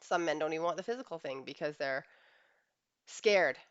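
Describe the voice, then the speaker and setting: A woman's voice: sits low, animated, normal speed, clean tone, no echo, dull audio. A woman relationship coach giving an earnest reflective monologue, often sighing. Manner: earnest, with frequent sighs.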